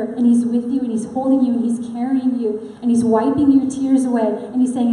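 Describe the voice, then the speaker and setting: A woman's voice: a little high, fairly even intonation, normal speed, warm tone. A woman preaching an earnest, personal sermon in a church sanctuary, talking conversationally with frequent fillers. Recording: echoey hall with long reverb.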